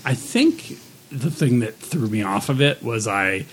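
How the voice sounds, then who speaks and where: A man co-hosting a podcast, reacting with quick interjections in casual chat. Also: mid-range voice, expressive, a little hiss or hum. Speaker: podcast co-host.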